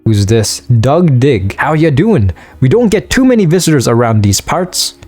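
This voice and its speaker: A jovial dwarf miner speaks in a hearty, put-on Scottish brogue, as a man voices him. His pitch jumps and swings as he talks, and he drags his words out folksily. Faint game music plays underneath. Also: very animated, normal speed, darkish tone. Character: gruff middle-aged male dwarf miner, jovial.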